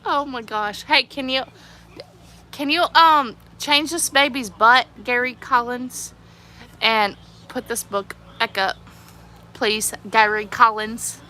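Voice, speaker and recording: Taking her time, a young adult woman with a fairly high, childlike voice reads out viewer comments on a livestream. She chats casually, giggles, and laughs often in an animated way.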